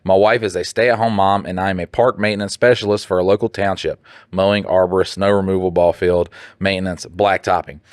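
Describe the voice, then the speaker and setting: Low-voiced guy on a podcast, cussing and cracking jokes, dead dry mic. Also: brisk, no room sound. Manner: animated, joking, breaks into laughter, jumps up in pitch for mock voices. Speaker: podcast co-host reading listener posts. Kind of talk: casual profane banter.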